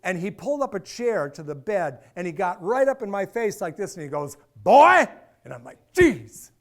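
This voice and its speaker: A middle-aged man giving a personal storytelling talk, animated and acting out the dialogue. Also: sits high, fairly quick. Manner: animated, acts out dialogue, repeats phrases for effect. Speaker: speaker and author.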